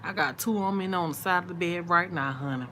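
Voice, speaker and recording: A middle-aged woman, chatting with her viewers late at night in a sleepy, drawn-out, easygoing way. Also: on the low side, a little hiss or hum. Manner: chatty and drawn-out, soft and sleepy, murmured asides. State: sleepy, yawning. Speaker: vlogger on a late-night livestream.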